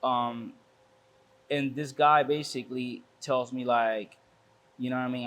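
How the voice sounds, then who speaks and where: A man's voice: medium pitch, fairly even intonation, unhurried, long pauses, fairly bright tone. Man telling a story with many restarts. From Miami. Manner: repeats words, restarts often, says "bro". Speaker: podcast guest, shop owner. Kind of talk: casual storytelling interview.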